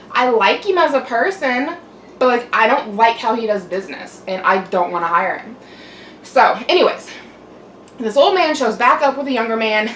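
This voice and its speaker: A woman's voice: fairly high pitch, a bit bright. A young adult woman in a casual venting chat as a mukbang vlogger, chatty and aggravated, swearing and saying "like" a lot. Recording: roomy echo, mic at a distance, faint hum.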